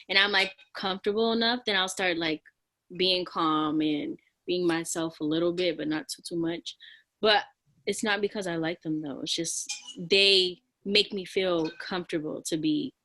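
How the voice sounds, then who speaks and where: Bright-toned woman chatting candidly. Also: lowish voice. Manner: candid, animated, acts out little quotes. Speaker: podcast panelist. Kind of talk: casual debate chat.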